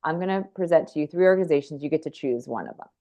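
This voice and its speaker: Low-voiced earnest woman guest. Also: expressive, rapid-fire, mellow. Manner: earnest, rambling, frequent restarts. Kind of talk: candid conversational storytelling.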